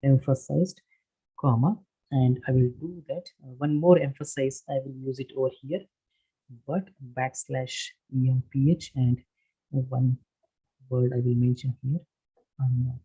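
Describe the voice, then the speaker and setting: A man leads an online screen-share lesson, walking through each step with frequent pauses, fillers and restarts. His voice is mellow and a little husky, at a middle pitch. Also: flat delivery, muffled recording. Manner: halting, many fillers and restarts, explains step by step. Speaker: workshop instructor. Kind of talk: screen-share tutorial lecture. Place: online session, voice from his own room.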